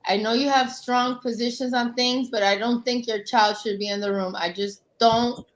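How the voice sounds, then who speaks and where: A woman's voice: a little high, steady tone, moderate pace, low-quality recording. Blunt, confrontational woman in her forties. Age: 40s. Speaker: panel host. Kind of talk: heated live panel talk.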